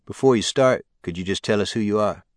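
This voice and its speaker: A man's voice: lowish voice, fairly quick, no echo, clean studio sound, lightly acted. A man voicing a polite, businesslike male mayor taking calls on a TV show.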